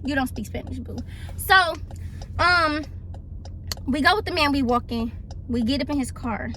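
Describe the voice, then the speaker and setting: Young woman, high voice, bright and sharp tone, animated storytime vlog. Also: moderate pace, a little hiss or hum. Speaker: vlogger. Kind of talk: casual storytime.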